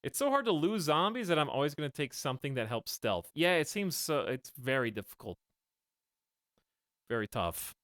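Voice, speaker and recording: Lively chatty male game streamer. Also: fairly high pitch, moderate pace, dry recording, studio quality. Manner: chatty, thinks aloud, laughs at his own jokes. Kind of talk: casual gameplay commentary.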